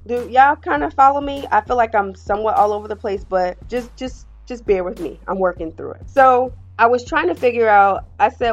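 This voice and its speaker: A woman's voice: on the high side, expressive, a little fast, few pauses, soft background music. A woman hosting her own podcast, confiding in her listeners in a candid, personal monologue. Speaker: podcast host.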